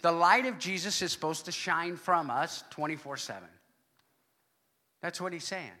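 Man, pastor, sermon, high-pitched, bright tone, animated delivery. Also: moderate pace. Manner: animated, swings from loud exclamations to hushed asides.

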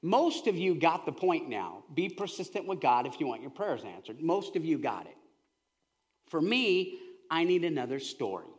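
A male pastor preaching a sermon with animated storytelling, swinging from loud to hushed. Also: fairly high pitch, normal speed.

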